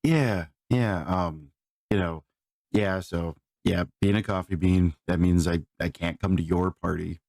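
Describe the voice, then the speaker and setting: A man's voice: low-pitched, fairly even intonation, unhurried, gravelly, a little mellow, dry recording. A man making a comedic apology as a guest, rambling and hesitant with lots of filler. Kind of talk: comedic sketch chat.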